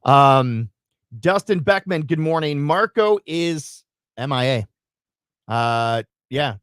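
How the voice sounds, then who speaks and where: A man co-hosting a casual live radio chat, telling a personal story in an animated way and acting out the parts. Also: fairly high pitch, takes it slowly, clear, resonant tone, no room sound, studio quality. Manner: animated storytelling, acts out his own screams and quotes. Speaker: radio show co-host.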